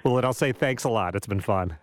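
A man's voice: lowish voice, fast, no room sound. A man hosting a radio interview, asking questions in a conversational, curious way with some hesitations.

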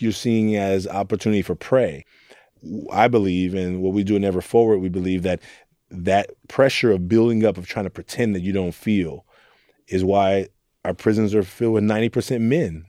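A man's voice: lowish voice, mellow, dry recording, clean studio sound. A young man from Oakland, a youth mentor, speaking candidly and reflectively in an interview. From Oakland, California. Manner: earnest, reflective storytelling with quoted asides.

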